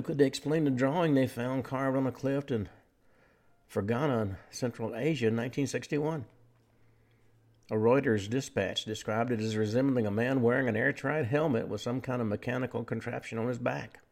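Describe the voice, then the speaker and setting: A man hosting a talk radio show, delivering a lecturing monologue with frequent pauses and fillers. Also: mid-range voice, creaky, darkish tone.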